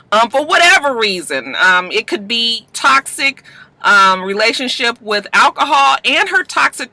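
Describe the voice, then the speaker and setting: A chatty woman vlogger talking casually to her viewers, loose and profane. Her voice is very bright and sharp, and the recording is dry and close. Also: medium pitch, sing-song, moderate pace, no room sound. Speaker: vlogger recapping a reality show. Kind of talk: casual chat.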